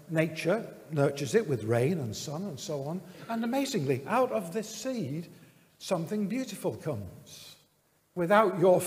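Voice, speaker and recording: Male preacher, fairly high voice, earnest and measured, reverberant church hall. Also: darkish tone. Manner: earnest, measured, with many pauses and fillers. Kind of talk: sermon.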